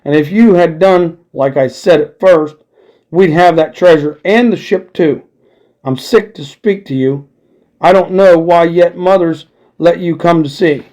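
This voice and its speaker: A man voicing a crafty, gruff male pirate captain who blusters and wheedles in old sailor talk. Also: fairly high pitch, unhurried, a little mellow, lightly acted. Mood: blustering.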